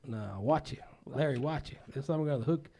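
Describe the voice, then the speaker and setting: A man's voice: medium pitch, fast, vocal fry, mellow. A man with a Texan accent hosting a ranch talk show, chatting in an easygoing country way and chuckling often. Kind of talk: casual interview chat.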